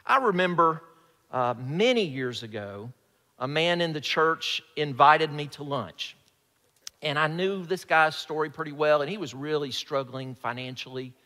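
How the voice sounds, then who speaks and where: Brief: male pastor, fairly high bright voice, earnest sermon delivery, long hall reverb. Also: a little slow. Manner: earnest, questioning, drops to a hush at phrase ends.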